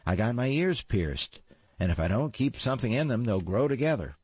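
A man's voice: mid-range voice, big pitch swings, brisk, a little mellow, breathy edge, no room sound, voice pushed up. A man reading a storybook, voicing a tough, defiant young girl in a raised, blunt voice. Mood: stubborn. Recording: slightly dull, dry recording.

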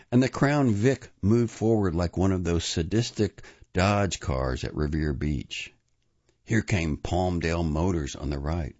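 A man narrating a novel in an expressive storytelling manner, moving between dramatic and hushed delivery. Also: low-pitched, no echo, highs cut off. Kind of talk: audiobook narration.

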